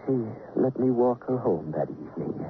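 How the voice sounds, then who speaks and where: A man's voice: medium pitch, moderate pace, soft background music, close to an everyday voice. An actor playing a wistful, lonely bookseller who muses about a woman he admired, in a 1950s radio drama. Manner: musing, wistful, lively ups and downs. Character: wistful lonely middle-aged bookseller man. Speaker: lending library keeper. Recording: tinny old radio broadcast.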